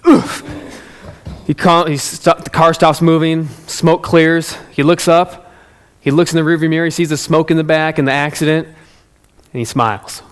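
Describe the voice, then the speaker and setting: A man delivers a motivational talk as a lively, conversational story, speaking straight to his listeners. His voice sits a little higher than most men's. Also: normal speed, clear, resonant tone. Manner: animated, conversational, addresses listeners directly.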